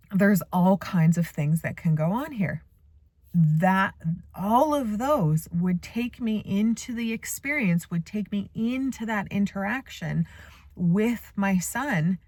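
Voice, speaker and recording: A middle-aged woman, a spiritual coach, telling stories to a phone camera from her parked car in a lively, playful way. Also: medium pitch, no room sound. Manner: animated storytelling with playful asides. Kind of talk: casual motivational talk to camera.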